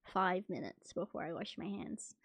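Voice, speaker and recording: A young woman chatting casually on a stream, soft and hesitant, with many fillers. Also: mid-range voice, a little slow, breathy edge, no room sound. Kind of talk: casual chat.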